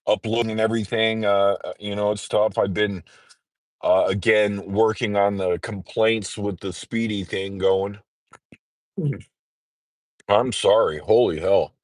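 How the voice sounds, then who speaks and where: A man's voice: lowish voice, flat delivery, a little slow, no room sound. Congested man hosting a casual morning livestream, rambling and filler-heavy, dry close sound. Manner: rambling, frequent throat-clearing and filler words. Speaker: livestreamer in trucker training.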